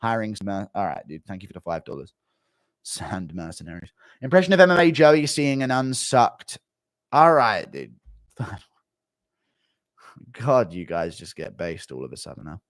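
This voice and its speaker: A man's voice: fairly low pitch, very animated, moderate pace, long pauses, dry recording, studio quality. A man streaming casually, reading out donations and joking in a wry, offhand way. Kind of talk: casual live-stream commentary.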